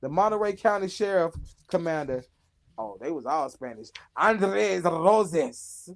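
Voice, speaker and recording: Man, high voice, casual news host, jokey, stumbles on names, laughs while reading. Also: expressive, a little slow. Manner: joking, stumbles over names, laughs mid-sentence. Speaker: show host.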